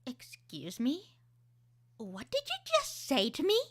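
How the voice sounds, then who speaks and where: A woman's voice: high voice, huge pitch swings, husky, full character voice. A woman doing a sassy, confrontational young woman. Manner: slow, challenging, sarcastic.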